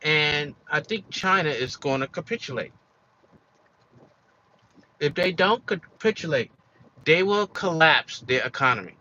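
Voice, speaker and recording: A man with a very bright, forceful voice pitched a little high delivers a casual opinion monologue for his channel. He hammers his points home, repeats himself and fills gaps with restarts. The recording sounds slightly dull and lo-fi, with a faint hiss of noise behind him. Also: animated, unhurried, pauses often. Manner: emphatic and repetitive, with many fillers and restarts. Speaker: commentary vlogger.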